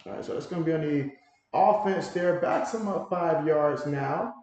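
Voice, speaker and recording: A man hosting a livestream, giving casual play-by-play commentary and reading viewer comments aloud with excitable reactions. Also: fairly high pitch, moderate pace. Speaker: livestream host doing play-by-play. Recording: very echoey room.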